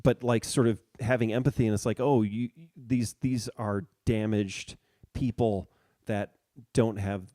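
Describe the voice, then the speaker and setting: A man's voice: on the low side, steady tone, unhurried, dark tone, dry recording, studio quality. A man co-hosting a casual political chat, rambling and hesitant as he searches for words. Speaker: podcast co-host.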